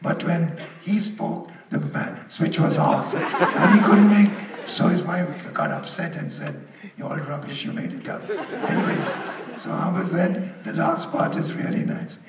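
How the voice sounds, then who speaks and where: A man's voice: on the high side, steady tone, measured pace, a loud crowd, very noisy. An older man on a conference panel, telling a story and quoting other people, laughing as he goes. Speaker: panel speaker. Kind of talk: anecdote told on a conference stage. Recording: echoey hall, mic at a distance.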